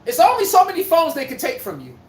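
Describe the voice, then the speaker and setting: A man riffing on basketball to his live-stream chat, trash-talking and swearing with big swings in pitch. He sounds set back from the mic in an echoey room, with faint background noise. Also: fast, distant mic. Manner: animated, profane trash talk to chat. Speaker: sports podcast host. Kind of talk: live-stream sports talk.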